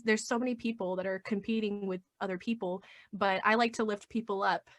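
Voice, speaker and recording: An upbeat woman chatting as a guest on an interview podcast, often slipping into little acted-out quotes. Her voice sits at a middle pitch for a woman. The sound is dry and close to the mic. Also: a bit bright, dry recording. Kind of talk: casual interview chat.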